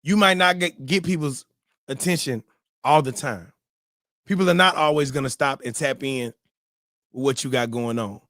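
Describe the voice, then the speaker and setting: A man's voice: medium pitch, normal speed, pauses often, no room sound, studio quality. Slangy, fired-up male morning host. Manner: animated, preachy advice with sudden loud outbursts; slangy and conversational, repeats words when fired up. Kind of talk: casual live-stream monologue.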